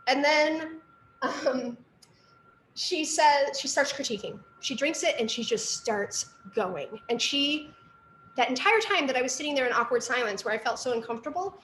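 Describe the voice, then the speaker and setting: A woman's voice: sits high, a bit bright, echoey room, a little hiss or hum. A middle-aged woman, an artist and art teacher, giving a casual lecture with lots of asides and fillers. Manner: chatty storytelling with fillers and asides.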